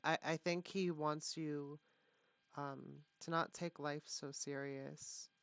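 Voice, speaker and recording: A woman giving a live tarot reading, talking in a halting way with many fillers and restarts. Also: low-pitched, fairly even intonation, a bit bright, clear, resonant tone, no room sound. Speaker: tarot reader. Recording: dull lo-fi, dry sound.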